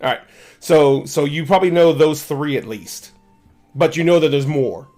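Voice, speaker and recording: A man narrating a tabletop roleplaying game as game master, talking quickly with frequent restarts. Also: a little high, a little mellow, soft background music.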